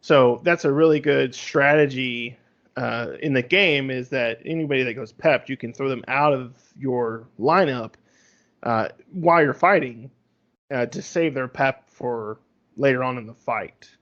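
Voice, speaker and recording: A man's voice: medium pitch, unhurried, fairly bright tone. A man co-hosting a casual game review podcast, explaining strategies in a rambling, explanatory way. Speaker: podcast co-host. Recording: slightly dull lo-fi audio.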